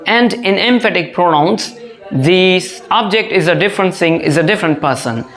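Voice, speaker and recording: A grammar teacher giving a lesson to students, speaking slowly and repeating each phrase and example, often addressing them as dear students. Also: medium pitch, lively intonation, a bit bright.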